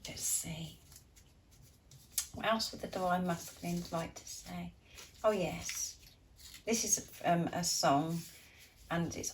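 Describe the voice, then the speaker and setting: Woman tarot reader, low-pitched voice, gushing and encouraging, talks straight to viewers. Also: takes it slowly, long pauses, a little hiss or hum. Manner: gushing, encouraging, laughs often; addresses viewers directly as guys. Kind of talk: weekly tarot card reading for viewers.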